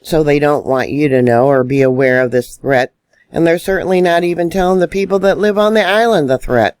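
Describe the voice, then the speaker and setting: Angry guy doing news commentary, kinda high clear voice, dry close sound. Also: fairly quick, darkish tone, no echo. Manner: indignant, emphatic, stresses warnings. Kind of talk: solo online news commentary.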